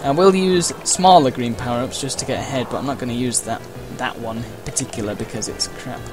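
Game audio, music and effects alike, plays under a brisk, mid-range male voice. He gives a casual, meandering let's-play of a race, peppered with uhs, side stories and playful exclamations.

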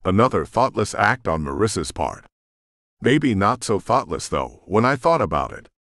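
Deep-voiced dramatic male narrator. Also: sing-song, moderate pace, a bit bright, no echo, studio quality. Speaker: audiobook narrator. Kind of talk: scripted first-person narration.

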